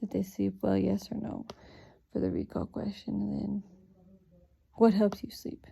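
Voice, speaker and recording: A tired woman reads a children's picture book and stops to explain how to prompt kids with it. Her voice is gravelly and very dark, and she stays relaxed and unhurried, with plenty of fillers. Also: mid-range voice. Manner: relaxed, thinks aloud with fillers. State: sleepy, yawning. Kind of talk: reading aloud and explaining teaching prompts.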